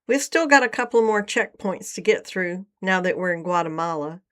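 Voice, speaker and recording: Storybook: woman reads a wary traveling man, quiet warnings, smooth even tone. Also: fairly low pitch, moderate pace, natural voice. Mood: guarded.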